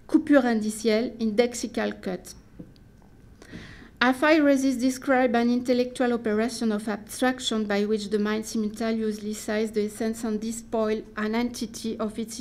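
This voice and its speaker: A woman's voice: fairly high pitch, a little mellow. Woman reading a dense academic talk. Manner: careful, deliberate delivery with restarts and hesitations. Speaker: academic speaker.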